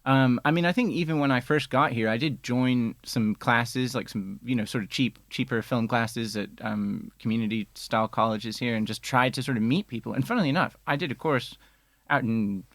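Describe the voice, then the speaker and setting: A man's voice: mid-range voice, normal speed, no room sound. A man, a film editor guest telling his career story in casual studio chat with fillers. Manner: relaxed storyteller, many fillers.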